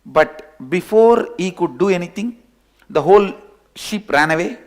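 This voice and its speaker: A man telling a parable during a spiritual discourse. His voice is gravelly and sits a little high, and he speaks slowly. He repeats his phrases and chuckles at his own jokes. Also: lively intonation. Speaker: spiritual teacher.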